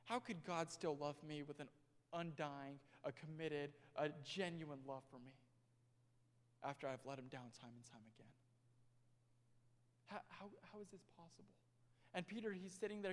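A young male pastor preaching a sermon in a church, swinging between loud and hushed delivery. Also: fairly high pitch, normal speed. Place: church sanctuary. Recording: long hall reverb.

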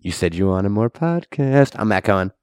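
Male host, lively pitch, playful riffing, dry booth. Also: normal speed, smooth, dry recording. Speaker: podcast host. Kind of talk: casual comedy banter.

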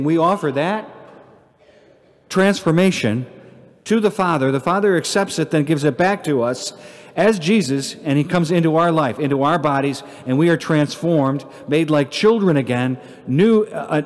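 A man, a priest, giving an earnest homily at Mass that swings between emphatic peaks and hushed prayer. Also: on the high side. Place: church. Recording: long church reverb.

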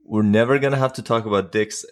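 A man hosting a podcast in a relaxed, teasing way, introducing his co-host and guests. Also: on the low side, fast talker. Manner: laid-back, teasing. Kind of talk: casual podcast chat.

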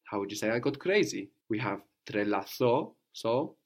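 A man's voice: fairly low pitch, expressive, normal speed. A man teaching a spoken language lesson, patiently explaining and often checking with "no?".

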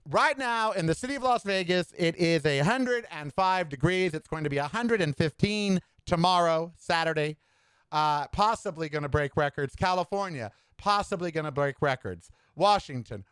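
A man's voice: on the high side, clear, resonant tone, no echo, studio quality. A man hosting his own podcast, delivering sassy, campy political commentary and calling listeners "honey.". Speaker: podcast host. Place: Southwest US home studio.

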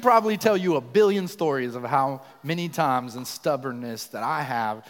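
A man preaching a sermon, telling a personal story and asking the congregation questions in an animated way. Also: mid-range voice, normal speed, big-room sound. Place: church sanctuary.

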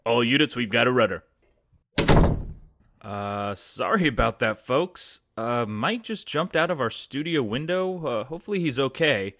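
A man's voice: medium pitch, animated, a little slow, a bit bright. A man hosting a scripted comedy podcast with an upbeat, polished delivery. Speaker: podcast host.

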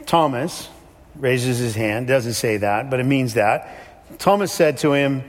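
A man's voice: medium pitch, expressive, measured pace. A pastor delivering a sermon in a conversational way, now and then acting out the people he quotes. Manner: conversational, acts out quoted voices. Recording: long hall reverb.

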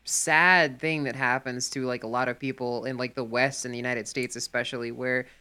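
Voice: mid-range voice, little pitch movement, normal speed, sharp tone, clean tone. A speaker in casual chat, musing loosely with many fillers.

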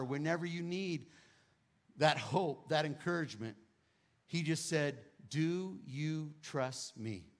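A middle-aged male pastor preaching a testimony, moving between hushed quoted prayers and loud exclamations. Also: on the high side. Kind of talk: sermon testimony.

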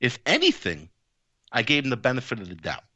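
A man co-hosting a podcast, insisting in a measured way that he stayed diplomatic. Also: medium pitch, huge pitch swings, pushed and bright, no room sound, dull audio. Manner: measured, insistent defending himself. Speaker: podcast co-host. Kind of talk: podcast discussion.

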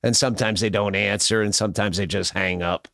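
A man's voice: on the low side, steady tone, brisk, vocal fry, fairly bright tone, no echo, studio quality. A man guesting on a comedy podcast, telling laid-back, wry anecdotes. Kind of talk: casual comedy podcast chat.

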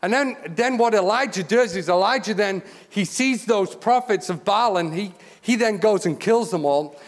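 A man giving a lively, joking sermon in a church, talking conversationally with lots of restarts and asides. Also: sits high, moderate pace. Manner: conversational, joking, many restarts and "you know". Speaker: guest preacher. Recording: long church hall reverb.

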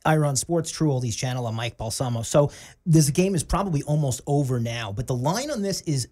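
Quick-talking husky male sports radio host, lively delivery. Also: medium pitch. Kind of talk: casual sports talk.

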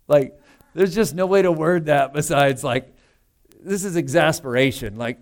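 A pastor preaching a sermon in a conversational, emphatic way, full of rhetorical asides. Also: male voice, fairly high pitch, normal speed, darkish tone.

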